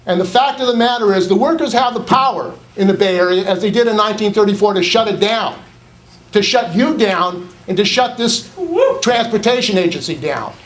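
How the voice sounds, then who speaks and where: A high-voiced man speaks at the podium of a public board meeting. He is indignant and accusatory, and he hammers his points home by repeating them. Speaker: public commenter.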